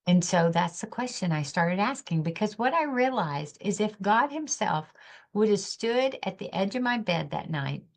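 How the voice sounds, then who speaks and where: Gravelly-voiced woman telling a painful story. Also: mid-range voice. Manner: earnest, emotional, reflective. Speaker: podcast guest. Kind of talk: personal storytelling.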